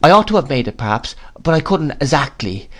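A man's voice: fairly high pitch, big pitch swings, fairly quick, voice pushed up. A man voicing a kindly, flustered middle-aged servant woman who speaks in a breathless, soothing way in an audiobook reading.

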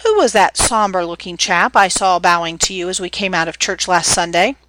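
A woman's voice: fairly low pitch, moderate pace, fairly bright tone, dry recording, lightly acted, poor audio. A woman reading as Arthur, a breezy brother. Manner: breezy, slangy, earnest. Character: young man, teasing, protective older brother.

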